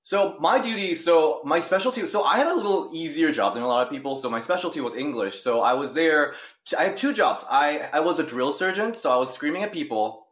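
A man's voice: on the high side, lively intonation, fairly quick, fairly bright tone, echoey room. A man guest in a casual interview who tells stories in an upbeat way and laughs often. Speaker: guest, wrestling channel host.

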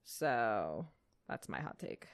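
A woman's voice: a bass voice, big pitch swings, slow pace, vocal fry. A woman co-host in casual chat, frank and easygoing. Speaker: podcast co-host.

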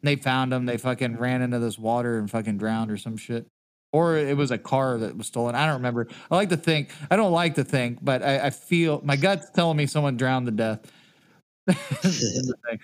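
A man's voice: mid-range voice, normal speed. A man co-hosting a podcast in loose, rambling casual chat, swearing a lot and laughing often. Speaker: podcast co-host.

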